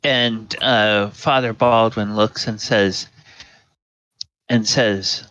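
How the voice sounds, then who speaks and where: A man narrating a tabletop game as game master, in a relaxed and halting way with many fillers. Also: on the low side, dry recording.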